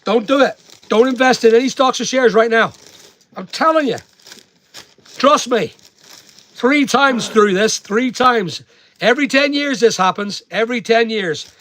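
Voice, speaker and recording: A man's voice: extremely high pitch, measured pace, long pauses, fairly bright tone, no room sound. A middle-aged man with a Northern Irish accent chatting casually on a livestream, giving blunt, preachy money advice and answering comments. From Northern Ireland. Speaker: online seller and livestream host.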